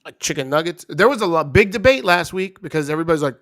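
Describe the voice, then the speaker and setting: A man's voice: fairly high pitch, expressive, fast talker, a bit bright. A young man co-hosting a wrestling review, talking in casual, joking banter with teasing asides.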